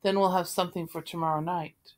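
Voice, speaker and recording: Woman reading a calm middle-aged father. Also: lowish voice, fairly quick, close to an everyday voice. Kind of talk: read-aloud play.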